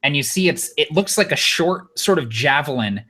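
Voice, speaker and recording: A man's voice: fairly high pitch, expressive, normal speed, sharp tone. A man running a tabletop game as game master, narrating casually.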